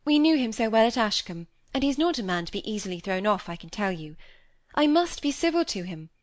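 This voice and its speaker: A woman voicing a lively, flippant young woman who talks in a breezy, dismissive way. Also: mid-range voice, brisk, no room sound, clean studio sound, natural voice. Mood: restless.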